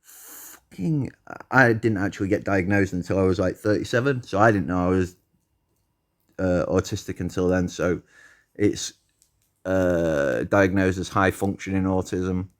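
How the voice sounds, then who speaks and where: A man's voice: deep voice, unhurried, pauses often. A man ranting to his channel, heated, argumentative and full of swearing. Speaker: channel host. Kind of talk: ranting monologue vlog.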